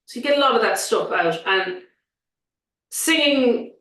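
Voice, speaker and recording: A woman vocal coach chatting in an interview, talking in an animated way and sometimes showing vocal sounds. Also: a little high, measured pace, recorded from a distance. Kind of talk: casual interview chat. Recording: roomy, set back from the mic.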